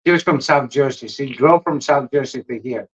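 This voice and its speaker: A man's voice: mid-range voice, moderate pace, breathy edge. A man who owns a cigar shop, telling stories on a podcast in a blunt, emphatic way and swearing freely. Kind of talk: casual storytelling on a podcast. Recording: dull lo-fi podcast audio.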